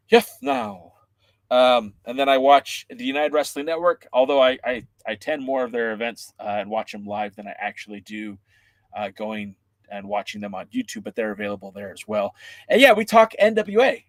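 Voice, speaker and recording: A man hosting a wrestling podcast in a casual livestream, excitable and joking as he chats with viewers' comments. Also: mid-range voice, no room sound.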